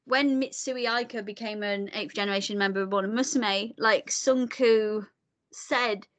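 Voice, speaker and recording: A woman in casual, opinionated conversation, animated and swearing now and then. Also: medium pitch, measured pace. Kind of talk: casual chat.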